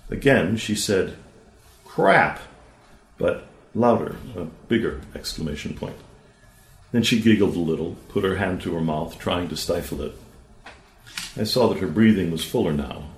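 Low-voiced man calmly reading a case study. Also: echoey room, low-quality recording. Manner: measured, calm storytelling with quoted dialogue. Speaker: therapist presenting a case.

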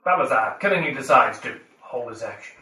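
Wry player, bright animated voice. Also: male voice, mid-range voice, a little fast. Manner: wry, joking, narrates his character's actions. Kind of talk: casual tabletop play, narrating his character. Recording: roomy room from a far mic.

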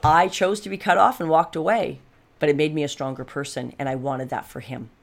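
Fifties woman, low register, candid reflective vlog coach, direct and emphatic. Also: fairly even intonation, fairly quick, vocal fry. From Canada. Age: 50s. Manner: frank, emphatic, reflective, addresses viewers directly. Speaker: life coach and vlogger. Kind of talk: candid personal monologue to camera.

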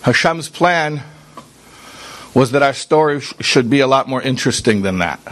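A man's voice: medium pitch, animated, moderate pace, a bit bright, a little hiss or hum. A man giving an earnest, conversational sermon as a rabbi, talking straight to his listeners and mixing in Hebrew and Yiddish religious terms. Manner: earnest, talks straight to listeners with rhetorical questions. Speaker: rabbi giving a Torah class.

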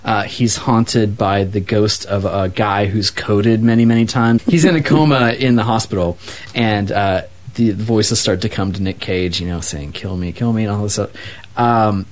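Man casually reviewing a film. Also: lowish voice. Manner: enthusiastic, halting with fillers. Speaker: podcast co-host. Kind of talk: casual movie review chat.

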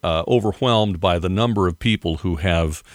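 A man's voice: deep voice, moderate pace, no echo, clean studio sound. An older man hosting a podcast, rambling through a casual monologue with chuckling asides. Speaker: podcast host.

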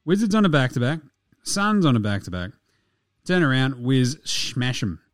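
A man's voice: medium pitch, very animated, no room sound, clean studio sound. A young Australian man hosting a casual sports podcast, rambling and swearing with jokey asides. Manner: sweary, rambling, jokey, puts on quick silly voices. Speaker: podcast host.

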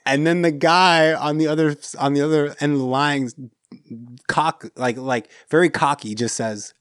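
A man's voice: fairly high pitch, moderate pace, clear, resonant tone, no echo, clean studio sound. A man with an American accent, a podcast host chatting casually and retelling a film scene, acting out the lines. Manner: animated retelling, acts out movie lines. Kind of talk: casual chat.

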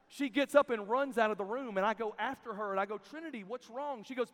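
A man preaching to students at a youth camp, telling stories and swinging from hushed to loud and emphatic. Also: very high voice, animated, a little fast, hardly any pauses. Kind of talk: sermon. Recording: reverberant hall.

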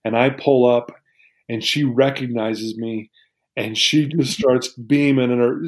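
A man's voice: medium pitch, steady tone, unhurried. A man as an interview guest, telling a personal story in an earnest, heartfelt, reflective way.

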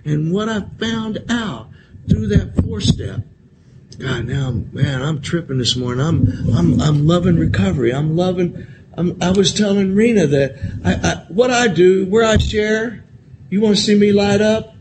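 A man's voice: high voice, measured pace. Profane rambling man sharing his recovery story. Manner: rambling, repeats words, swears often, says "man". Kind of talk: candid recovery share, profane and emotional. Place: convention hall. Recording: live talk with loud room noise.

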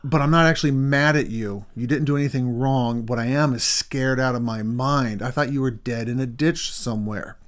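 A middle-aged man, a counselor, telling a story in a casual conversation with his wife, animated when he reenacts things. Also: mid-range voice, moderate pace, hardly any pauses.

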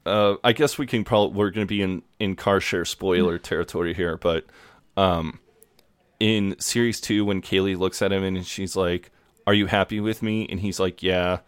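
A man's voice: low voice, fairly even intonation, normal speed, clean tone, dry recording. A man co-hosting a podcast, chatting casually, swearing freely and often restarting his sentences. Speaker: podcast co-host. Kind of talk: casual chat.

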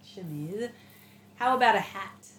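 A woman's voice: medium pitch, moderate pace. Chatty woman hosting a lesson. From United States. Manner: chatty, asks short prompt questions. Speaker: language lesson host. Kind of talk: casual language lesson. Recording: echoey room with faint noise.

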